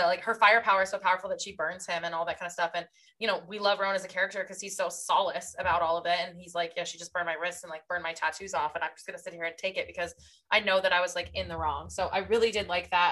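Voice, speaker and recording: Low, bright-toned woman chatting books. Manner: expressive, opinionated reactions. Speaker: podcast co-host. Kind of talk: casual book chat.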